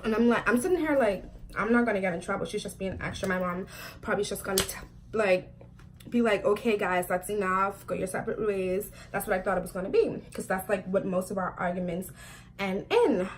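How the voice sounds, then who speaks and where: A woman in her twenties telling a storytime vlog, talking quickly and chattily with lots of "like" fillers and frequent laughs. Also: mid-range voice, lively intonation, slight background noise. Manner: chatty and fast, full of "like" fillers, laughs often. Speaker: vlogger.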